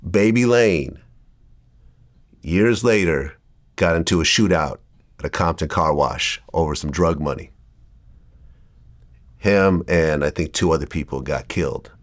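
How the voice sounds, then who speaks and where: A man hosting an interview, telling a story in a casual, animated way that builds to a punchline. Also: low-pitched, a little slow, long pauses. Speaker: interviewer, host.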